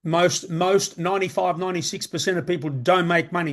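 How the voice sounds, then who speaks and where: A man's voice: sits high, fairly even intonation, brisk. Upbeat chatty man presenting. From Australia. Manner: enthusiastic, chatty, repeats words. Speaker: online business presenter. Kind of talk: live sales presentation.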